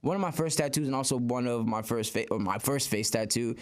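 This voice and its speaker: A man's voice: medium pitch, fairly quick. A man in his twenties from Southern California, a guest chatting loosely in a podcast interview and rambling with lots of fillers. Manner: laid-back, rambling with many fillers and restarts. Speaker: guest rapper. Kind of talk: casual interview chat.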